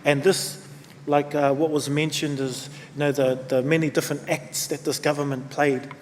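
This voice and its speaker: A man's voice: a little high, moderate pace, slight background noise. Man with a New Zealand accent, echoey hall. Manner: relaxed, rambling, many fillers. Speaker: conference speaker. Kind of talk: speech to an audience. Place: conference hall.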